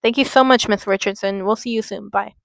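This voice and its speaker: A woman's voice: medium pitch, steady tone, fairly quick, vocal fry, dry recording, close to an everyday voice. A woman voicing a polite, businesslike female doctor making a phone call.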